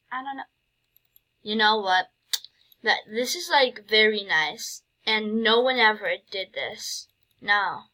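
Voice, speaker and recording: A woman who makes gameplay videos gives casual commentary, giddy and gushing, with lots of fillers and exclamations. Her voice is medium in pitch with a sharp tone.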